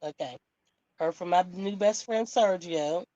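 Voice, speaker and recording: A woman's voice: on the low side, a little slow, mellow, no echo. A woman co-hosting a casual online chat, coaxing a guest to join in. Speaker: co-host. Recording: dull dry sound.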